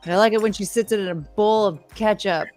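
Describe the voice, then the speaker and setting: A woman joining the game as a co-panelist, joking and quick to laugh in casual banter. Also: mid-range voice, a little mellow, faint music behind.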